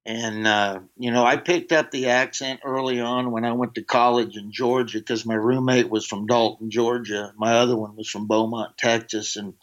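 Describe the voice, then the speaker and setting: A comedian telling rambling stories in a casual interview, with lots of fillers and quick switches into a drawling character voice for quoted lines. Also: medium pitch, fairly even intonation. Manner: rambling anecdotes, slips into a drawling put-on voice for quotes. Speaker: comedian guest. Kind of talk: casual storytelling. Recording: dull lo-fi sound.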